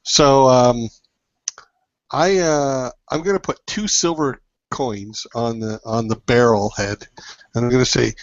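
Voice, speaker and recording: A man's voice: mid-range voice, slow, no echo, lo-fi sound. A man playing a tabletop game, talking in a blunt, commanding way. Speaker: player. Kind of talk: in-character tabletop play.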